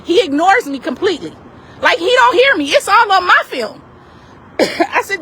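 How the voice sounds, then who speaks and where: High-voiced woman, emphatic street complaint. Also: normal speed, a little hiss or hum. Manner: emphatic, animated retelling. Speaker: community activist. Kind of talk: heated street complaint to police. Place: outdoors on a city street by a parked car.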